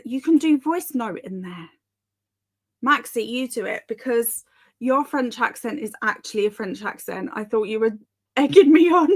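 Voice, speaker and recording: A woman in her thirties hosting a casual live reading stream, chatting and giggling as she reads out viewer comments. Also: on the high side.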